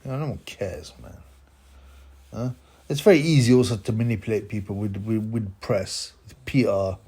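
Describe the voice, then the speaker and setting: A man's voice: on the low side, moderate pace, mellow, breathy edge. Rambling opinionated man talking boxing. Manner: rambling, tags remarks with "huh?" and "man"; opinionated, conspiratorial asides. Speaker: boxing channel host. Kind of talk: casual commentary monologue.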